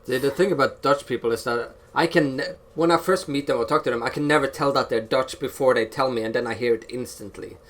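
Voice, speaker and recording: A man's voice: mid-range voice, quick pace, few pauses, fairly bright tone. A man hosting a casual podcast, speaking hesitantly with frequent restarts and fillers. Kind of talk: casual online podcast chat.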